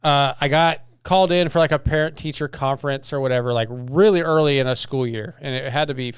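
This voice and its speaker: A man's voice: mid-range voice, brisk, smooth, dry recording, clean studio sound. A man in his forties hosting a podcast, chatting casually and telling family stories with a laugh, acting out the voices of people he quotes. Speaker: podcast host.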